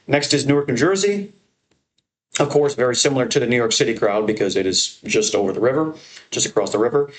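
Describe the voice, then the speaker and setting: A young man giving casual, profane, rambling commentary on his channel, ranking fight crowds with excitement. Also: medium pitch, fast. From American Northeast. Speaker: MMA content creator. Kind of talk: casual tier-list commentary.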